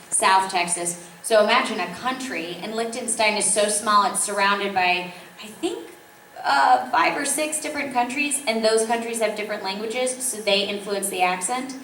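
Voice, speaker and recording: A woman's voice: mid-range voice, a bit bright. A woman voice actress answering audience questions at a convention panel, chatty and enthusiastic, rambling with fillers. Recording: echoey hall from far off, faint noise.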